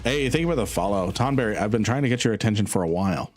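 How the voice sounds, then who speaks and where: A man streaming a game, answering chat in a relaxed, rambling way with frequent laughter. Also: fairly low pitch, racing, faint music behind. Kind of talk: casual live-stream chat.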